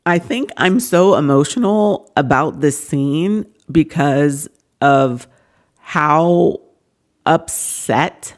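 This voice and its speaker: A woman's voice: low voice, drawn-out words. A woman hosting a casual book breakdown vlog, earnestly retelling the plot at length. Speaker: book reviewer.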